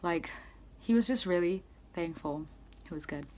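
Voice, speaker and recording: A young woman excitedly recapping a concert she attended, in casual rambling speech full of "like". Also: lowish voice, normal speed. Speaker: concert-going fan.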